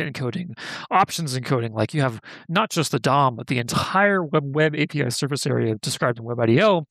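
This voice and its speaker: A man, a guest software engineer, explaining a technical topic in a conversational way, often saying "like" and correcting himself mid-sentence. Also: mid-range voice, vocal fry, no room sound. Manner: thinks aloud, lots of "like" and self-corrections.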